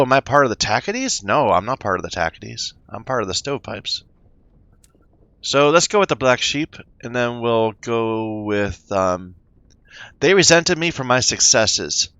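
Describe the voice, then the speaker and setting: A man's voice: medium pitch, fairly bright tone, no echo, highs cut off. A man playing a story game, reading its text aloud and chatting about his choices, stumbling over unfamiliar words. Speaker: let's play gamer.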